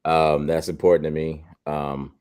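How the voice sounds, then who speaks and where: Super deep voiced guy in his 40s on a video call, earnest and reflective, lots of ums. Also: flat delivery, a little mellow, clear, resonant tone. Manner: earnest, reflective, halting with fillers. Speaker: guest father. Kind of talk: interview storytelling.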